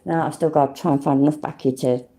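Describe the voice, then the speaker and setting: A woman's voice: low voice, fairly even intonation, fast talker, warm tone. A British woman hosting a casual livestream, chatting to viewers, swearing freely and laughing often. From Britain. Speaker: livestream host.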